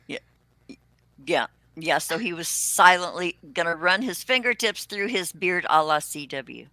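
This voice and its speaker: Older woman, bright voice, dry close sound, chatty casual co-host. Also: on the low side, measured pace, dry recording. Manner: chatty, swears freely. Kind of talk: casual livestream chat.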